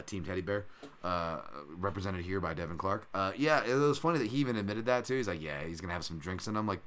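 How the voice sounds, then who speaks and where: Animated rambling man, bright and low. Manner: rambling, animated, lots of fillers and loud impressions. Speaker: podcast host, MMA analyst. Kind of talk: casual solo podcast talk.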